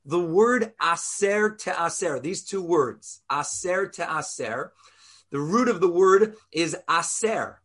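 A man's voice: on the high side, lively intonation, slow pace, fairly bright tone, husky. A rabbi teaching an informal Torah class, explaining step by step and quizzing his listeners in a conversational way.

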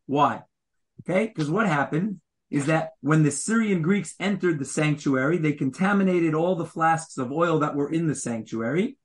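Man teaching a Torah class. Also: fairly high pitch. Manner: questions the listeners and explains Hebrew wording.

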